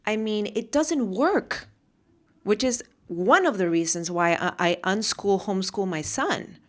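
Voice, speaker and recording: A woman's voice: medium pitch, unhurried, fairly bright tone. A woman hosting a solo motivational podcast, talking with passion and often repeating phrases for emphasis. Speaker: podcast host and mentor.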